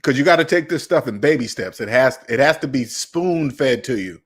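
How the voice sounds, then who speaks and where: A man hosting a casual talk about debt, laid-back and slow, tagging "man" onto his sentences. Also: mid-range voice, expressive, husky. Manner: laid-back, says "man" often, wraps up slowly. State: hiccuping. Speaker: host. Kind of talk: casual chat.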